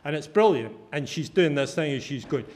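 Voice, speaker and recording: A man's voice: a little high, animated, a little fast, darkish tone. A middle-aged Scottish man giving a conference talk, telling anecdotes in a chatty way and swearing casually. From Fife, Scotland. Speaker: conference speaker. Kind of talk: humorous storytelling talk.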